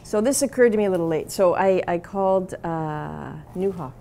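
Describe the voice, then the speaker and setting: Canadian lady telling a funny story, kinda low voice, faint hiss behind. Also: normal speed, gravelly, warm tone. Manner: chatty, self-mocking storytelling. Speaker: TV correspondent. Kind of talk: casual storytelling chat.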